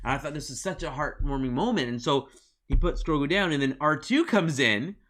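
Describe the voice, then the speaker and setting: A man co-hosting a review podcast in a casual chat, excitedly retelling scenes and acting out quotes, full of fillers. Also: a little high, brisk. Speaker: podcast co-host.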